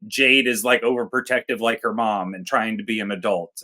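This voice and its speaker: A man's voice: on the low side, moderate pace, hardly any pauses, pushed and bright. A man co-hosting a movie review show in casual chat, cracking crude, profane jokes. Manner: crude, joking, profane banter. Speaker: movie review podcast co-host.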